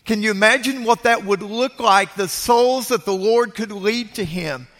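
A man's voice: high-pitched, a little slow, fairly bright tone. A man preaching a sermon as pastor to a large congregation, emphatic and repeating his key phrases. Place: large church sanctuary. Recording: reverberant church sanctuary.

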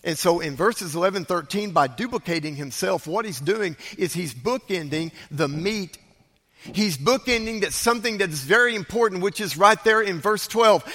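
A man preaching a sermon as a pastor, emphatic, swinging between loud urging and hushed, quiet lines. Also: high voice, animated, normal speed, big-room sound.

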